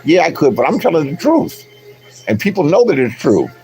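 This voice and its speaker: An older man rants into his phone with a gravelly, rough edge. He taunts and boasts, his pitch swinging all over the place, and the delivery stays slightly raised. A faint hiss sits under the recording. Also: sing-song, fairly quick, a little mellow, faint music behind. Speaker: online commentator. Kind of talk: profane livestream rant.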